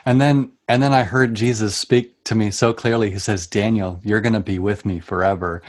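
A man sharing a personal faith testimony in conversation, earnest and emotional, often halting and restarting as he speaks. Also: lowish voice, steady tone, dry recording, clean studio sound.

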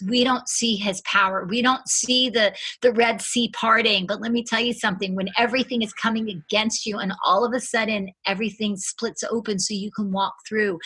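A woman's voice: fairly high pitch, bright, forceful tone, breathy edge. A woman giving an emotional faith testimony as a guest, earnest and fervent, repeating her phrases for emphasis.

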